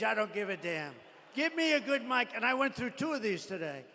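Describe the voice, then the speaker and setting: A man with a strained throat giving a rambling, combative campaign rally speech, swinging between muttering and shouting, recorded live at a large rally venue. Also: high-pitched, sing-song, a little slow, vocal fry, a little hiss or hum. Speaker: political candidate. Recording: live rally with long reverb.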